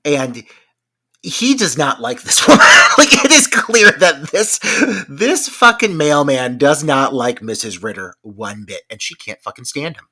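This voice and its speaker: A man's voice: a little high, sing-song, measured pace, bright, forceful tone. A man co-hosting a film podcast, chatting enthusiastically and swearing freely, laughing along the way. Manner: enthusiastic and profane, laughs often. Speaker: podcast co-host. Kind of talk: casual film-review chat.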